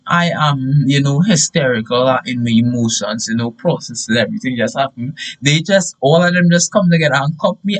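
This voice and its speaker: A young man telling a story in a casual, animated way with bursts of shouting. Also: mid-range voice, moderate pace, few pauses, poor audio.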